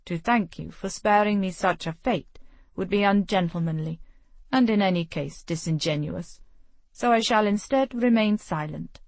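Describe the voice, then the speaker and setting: A woman's voice: medium pitch, a little mellow, no room sound, natural voice. A woman voicing a wry, courteous lord. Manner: measured, dry courtesy. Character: composed young English lord, courteous and wry.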